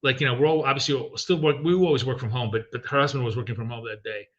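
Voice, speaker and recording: A man's voice: medium pitch, fast talker, a bit bright, highs cut off. A middle-aged man hosting a live trading stream, chatting casually and rambling with many ums and restarts.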